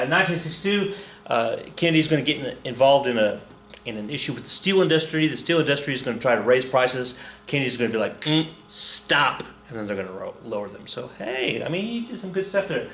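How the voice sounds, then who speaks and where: A man's voice: medium pitch, a bit bright. A man in his fifties teaching history in a loose, chatty way, full of jokes and self-corrections. His mid-range voice rings in a roomy space. A faint hum sits underneath. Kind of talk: casual recorded lesson.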